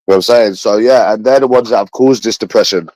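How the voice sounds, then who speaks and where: A man's voice: fairly low pitch, fast talker, a little mellow, no room sound, low-quality recording. A man with a London accent, talking to his viewers in a rambling livestream monologue. He sounds bitter, repeats himself and swears often.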